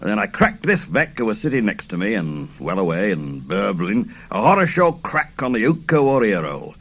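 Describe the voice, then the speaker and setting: A man's voice: lowish voice, big pitch swings, moderate pace, fairly bright tone. A man in his fifties, an author reading his novel aloud in a theatrical, first-person style. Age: 50s. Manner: theatrical, swooping delivery.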